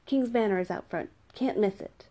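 Woman doing a brisk, distracted camp woman. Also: mid-range voice, mellow, close to an everyday voice. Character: small, hurried woman in camp.

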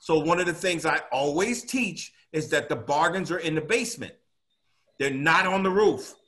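A man's voice: on the high side, normal speed, pushed and bright. A man giving an interactive money lesson, quizzing his audience and pushing points home with an emphatic "right?". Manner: quizzes the audience, call-and-response; emphatic, repeats "right?" as a tag. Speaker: financial educator. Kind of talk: interactive teaching talk.

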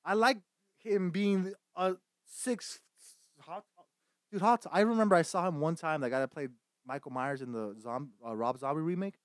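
A man chatting casually while streaming a game, rambling and swearing, bursting now and then into loud shouted insults. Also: fairly high pitch, moderate pace, dry recording. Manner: profane, rambling, laughs at own jokes.

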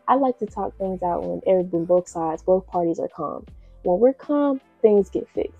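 A young woman talks earnestly through a faith-based solo podcast, leaning on repetition to drive her points home. Her voice is mellow and a little husky, and the recording sounds dull and lo-fi. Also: mid-range voice, very animated, moderate pace, no echo, soft background music. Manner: earnest, conversational, repeats phrases for emphasis. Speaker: podcast host.

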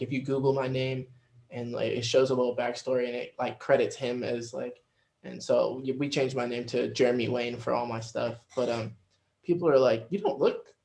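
A man's voice: medium pitch, creaky, darkish tone, reverberant. Chatty male podcast guest. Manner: chatty, rambling, lots of fillers. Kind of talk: casual podcast conversation.

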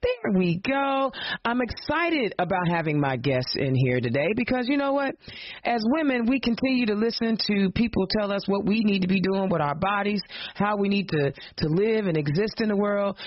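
A woman hosting a political talk show, speaking with fiery, rhetorical passion and slipping into casual slang. Her voice sits at a middle pitch and is recorded dry, with no room echo. The sound is dull and lo-fi. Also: animated, a little fast. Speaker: podcast host. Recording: dull lo-fi dry podcast audio.

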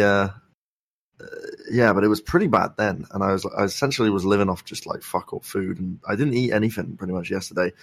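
A young man with a sore throat, speaking softly while telling a rambling, wry story in a casual podcast chat. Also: fairly low pitch, gravelly, slightly rough. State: sore throat, soft-spoken. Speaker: podcast co-host.

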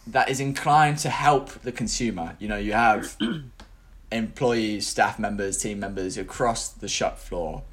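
A man's voice: fairly low pitch, a little slow, fairly bright tone. A man co-hosting a casual podcast, rambling through hypothetical scenarios with lots of fillers and restarts. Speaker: podcast co-host.

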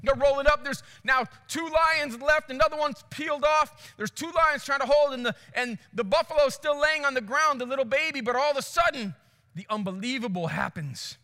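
A man preaching a sermon, telling a story with animated swings from hushed to loud before reading scripture. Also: very high voice, moderate pace, long reverb tail. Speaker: pastor.

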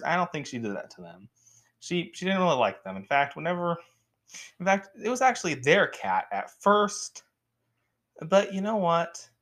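A woman's voice: low voice, a bit bright. A woman rambling casually to camera as a vlogger, chatty and jokey, full of asides and self-corrections. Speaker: vlogger reviewing movies and TV.

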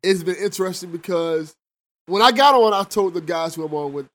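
Man, podcast host, high voice, laid-back, chuckles. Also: fairly quick, a bit bright. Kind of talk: casual podcast interview.

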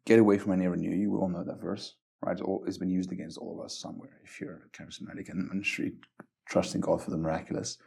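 Speaking fast and flat, a South African missions base leader recounts stories as a podcast guest in a conversational interview about faith. His low voice carries vocal fry and a husky, slightly mellow quality. He's earnest, frequently stumbles on repeated words, and keeps asking "right?".

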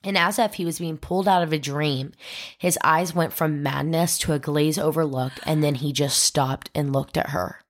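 Low-voiced woman telling true crime. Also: steady tone, moderate pace. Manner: dramatic storyteller, acts out quoted voices. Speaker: podcast host.

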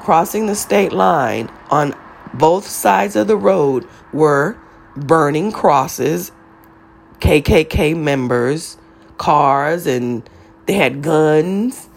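A woman's voice: animated, drawn-out words, gravelly. A woman giving an impassioned, preacherly testimony, blunt and profane, telling her story to listeners. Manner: preacherly, profane, builds to high shouted pitch when retelling.

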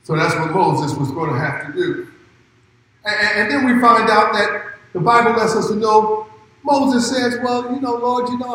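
A man preaching a sermon as pastor, shouting in rising bursts and dropping low and quiet in between. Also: expressive, normal speed, heavy reverb, slight background noise, low-quality recording.

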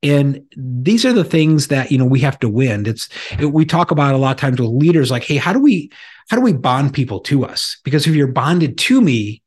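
A middle-aged man co-hosts a podcast in a relaxed, conversational way. He leans on personal anecdotes and often restarts his sentences as he thinks aloud. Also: mid-range voice, moderate pace, slightly rough. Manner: storytelling with anecdotes, frequent restarts. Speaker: podcast co-host.

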